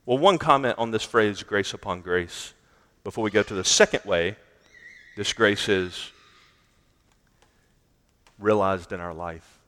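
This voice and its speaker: A man's voice: lowish voice, measured pace, pauses often. Preaching man in a reverberant hall. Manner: emphatic preaching with wide swings from loud to quiet. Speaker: pastor. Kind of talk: sermon.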